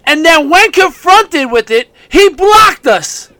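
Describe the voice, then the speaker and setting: A man co-hosting a casual podcast, ranting heatedly with bursts of shouting. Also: very high-pitched, big pitch swings, slow, no echo. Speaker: podcast co-host.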